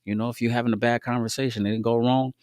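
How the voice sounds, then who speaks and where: A man's voice: medium pitch, little pitch movement, very fast, a little mellow, no echo, studio quality. A man hosting a podcast, telling faith-based stories in a laid-back, slangy way with frequent asides to listeners. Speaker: podcast host. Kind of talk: casual faith-based storytelling.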